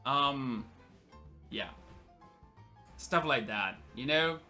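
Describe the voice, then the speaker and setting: A man's voice: medium pitch, very slow, over music. A young man from Germany with a German accent, joking and chatting casually as a streamer answering viewer questions. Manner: chatty, joking, laughs often. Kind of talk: casual Q&A livestream.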